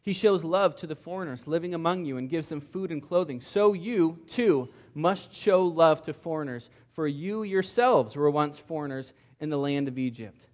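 A man preaching a sermon with a slightly raised pitch. His delivery is fervent and earnest, with halting repeats as he presses each point home. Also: lively intonation, darkish tone. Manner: impassioned preaching with frequent word repeats. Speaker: pastor.

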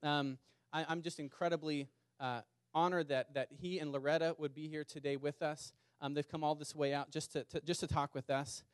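An earnest male pastor delivering a sermon to a small congregation, his voice sitting a touch high for a man. He repeats phrases and slows down to press a point home. The sound is close and dry, with little room echo. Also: steady tone, clear, resonant tone. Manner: earnest, repeats words, speeds up and slows for emphasis. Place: small church meeting in a community center.

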